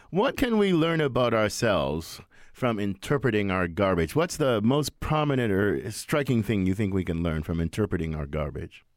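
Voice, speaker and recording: A man's voice: medium pitch, dry recording. Guy hosting a radio talk show, bouncy voice, dry mic, jokey. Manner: playful, jokey, lively delivery.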